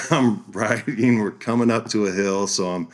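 A man with a fairly low voice, a podcast guest telling a story in a casual, animated way. He keeps laughing as he talks. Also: unhurried. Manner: animated storyteller, laughs through his lines.

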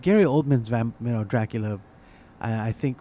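A man chatting casually with friends, relaxed, swearing often and trailing off mid-sentence. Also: medium pitch, normal speed. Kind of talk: casual chat.

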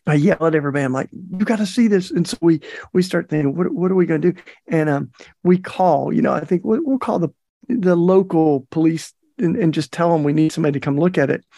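A man's voice: a little high, quick pace, vocal fry, warm tone, no echo. A middle-aged man hosting a podcast, telling a story in a chatty, folksy way with plenty of fillers. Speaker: podcast host. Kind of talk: casual storytelling monologue.

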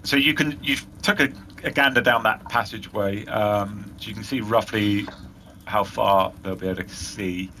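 A man narrating as game master, in a relaxed way full of fillers and restarts. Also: on the low side, moderate pace, a little hiss or hum.

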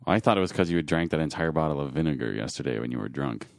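Comedy podcast co-host, male, deep voice, the bewildered straight man. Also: animated, very fast, creaky, dry recording, clean studio sound. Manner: exasperated and incredulous.

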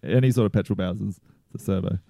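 Laid-back Australian man, dark voice. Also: low-pitched, fast talker, gravelly, dry recording, studio quality. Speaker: guest. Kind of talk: casual chat.

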